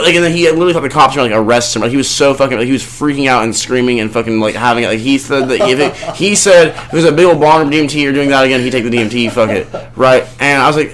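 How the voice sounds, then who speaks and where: A man hosting a podcast, telling a rambling story in casual chat with lots of swearing and animated outbursts. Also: mid-range voice, fast talker. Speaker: podcast host.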